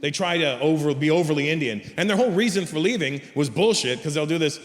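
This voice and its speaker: A man doing stand-up comedy, telling stories in a brash, profane, animated way before a live audience. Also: on the high side, quick pace, few pauses. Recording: reverberant live stage with crowd.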